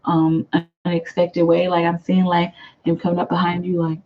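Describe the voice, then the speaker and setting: American lady doing live tarot on stream, lowish voice, kinda dull muffled audio. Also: completely flat delivery, normal speed. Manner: chatty, laughs often, reads viewer comments aloud. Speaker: tarot reader.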